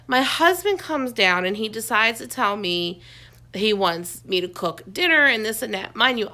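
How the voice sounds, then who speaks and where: A woman's voice: mid-range voice, pushed and bright. A woman in her thirties chatting casually and venting, recorded at home in a dim room. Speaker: vlogger. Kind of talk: casual chat.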